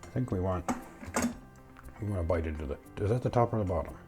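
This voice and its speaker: Playful low-voiced man narrating his cooking. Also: lively intonation, fast, loud music behind the voice. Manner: playful, jokey, talks to himself while cooking; eating and chewing while talking. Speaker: cooking channel host. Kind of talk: casual cooking vlog narration.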